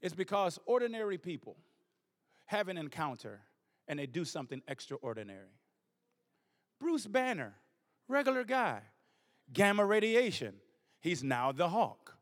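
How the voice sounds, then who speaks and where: A man's voice: sits high, sing-song, measured pace, long pauses, fairly bright tone. A middle-aged man, a bishop preaching a sermon, who weaves scripture with a personal story and drives his points home through rhythmic repetition.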